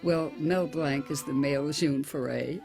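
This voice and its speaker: A woman's voice: low-pitched, steady tone, a little slow, vocal fry. Older lady voice actress telling old stories in an interview, faint music. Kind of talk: documentary interview.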